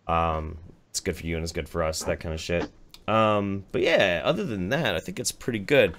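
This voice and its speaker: A man co-hosting a casual livestream podcast, rambling and swearing as he tells stories. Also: fairly low pitch. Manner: profane, rambling, animated storytelling. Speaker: podcast co-host.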